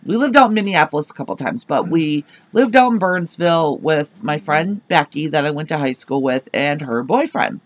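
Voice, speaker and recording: A woman co-hosting a podcast, telling an animated, rambling story full of fillers on a dull lo-fi recording. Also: low-pitched, normal speed, hardly any pauses. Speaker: podcast co-host. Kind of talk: casual storytelling chat. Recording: dull lo-fi sound.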